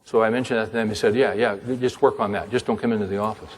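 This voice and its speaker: An older man preaching, telling a personal story in an animated way and acting out the dialogue. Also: on the low side, fast, big-room sound. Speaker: pastor and author. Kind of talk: sermon storytelling.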